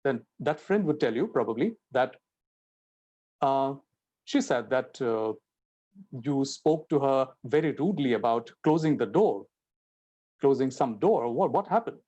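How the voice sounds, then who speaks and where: A man's voice: mid-range voice, expressive, measured pace, pauses often, mellow, highs cut off. A man giving a spoken English lesson, explaining and acting out example sentences with changing intonation and stress. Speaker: teacher.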